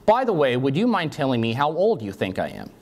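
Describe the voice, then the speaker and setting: A man's voice: medium pitch, wildly swooping pitch, a little fast. A man voicing a vain middle-aged man eagerly asking strangers to guess his age.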